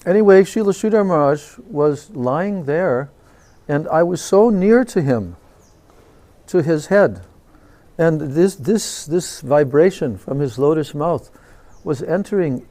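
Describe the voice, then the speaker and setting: A man, a swami, recounting a personal memory in a slow and reverent devotional talk. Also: fairly high pitch, expressive, mellow. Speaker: swami giving a spiritual talk. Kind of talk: devotional storytelling lecture.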